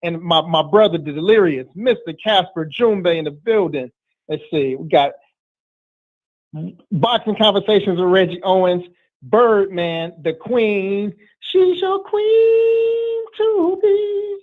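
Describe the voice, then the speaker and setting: A man's voice: high-pitched, a little slow. A man hosting a casual talk show, brash and streetwise, reading chat comments. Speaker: podcast host, trainer. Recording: tinny phone-like line.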